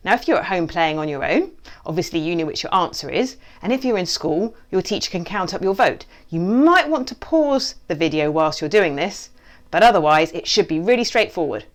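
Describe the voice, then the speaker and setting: Animated woman hosting a kids' quiz. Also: on the low side, a little fast. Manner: animated, jokey, with mock accents and asides. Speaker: quiz host, children's author. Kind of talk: playful quiz for children. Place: basement at home.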